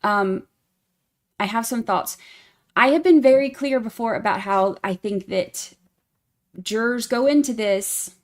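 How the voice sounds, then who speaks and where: A woman's voice: a little high, a little slow, long pauses. A woman hosting a casual true crime livestream, greeting members by name in a singsong tone and rambling with fillers and restarts.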